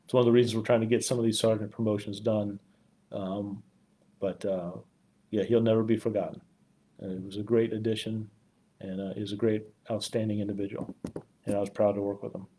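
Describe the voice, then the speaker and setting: A man, a police chief, talking warmly and haltingly on a live community stream, choked up at times and full of fillers. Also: on the low side, little pitch movement. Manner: heartfelt, rambling, frequent fillers. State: choked up with emotion.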